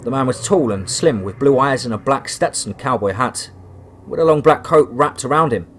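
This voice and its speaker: A man reading a scripted first-person horror story in a steady, measured way. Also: medium pitch. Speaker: narrator.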